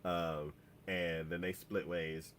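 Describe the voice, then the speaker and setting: A man's voice: low-pitched, level tone, slow, a bit bright, slight background noise. A man casually recapping an anime episode on a podcast, rambling with lots of "like" and "um" fillers. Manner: rambling, heavy on "like" and "um". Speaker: podcast co-host.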